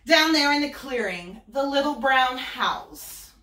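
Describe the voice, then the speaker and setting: A woman's voice: high voice, expressive, slow pace, pushed and bright, pitched above the performer's own voice, heavily acted. Woman doing a vain little girl in red. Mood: sing-song. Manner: preening, sing-song and boastful. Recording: roomy, from a distance.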